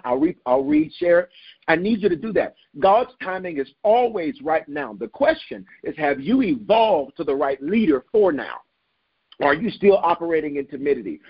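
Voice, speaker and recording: A man's voice: a little high, breathy edge, highs cut off. A man preaching a sermon as pastor, emphatic, repeating his key lines and calling on the listeners to hear him.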